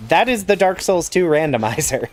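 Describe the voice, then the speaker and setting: A man's voice: fairly high pitch, big pitch swings, normal speed, a little hiss or hum. A man giving wry, self-mocking let's play commentary as he plays through a game. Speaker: gamer playing a randomizer.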